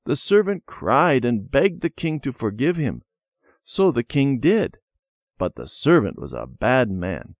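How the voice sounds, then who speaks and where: A man's voice: medium pitch, wildly swooping pitch, unhurried, no echo, studio quality, voice pushed up. A man voicing a stubborn young boy in a storybook, lightly raising his everyday voice. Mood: telling.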